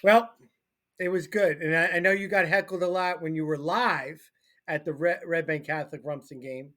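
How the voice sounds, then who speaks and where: A man in his forties co-hosting a sports talk show, telling rambling, self-deprecating stories in an excitable, casual way. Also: a little high, normal speed. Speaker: co-host and football coach.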